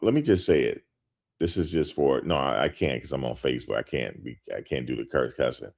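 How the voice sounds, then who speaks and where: Deep-voiced man in slangy casual commentary. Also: sing-song, normal speed, a little mellow. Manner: repetitive, slangy, emphatic. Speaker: host.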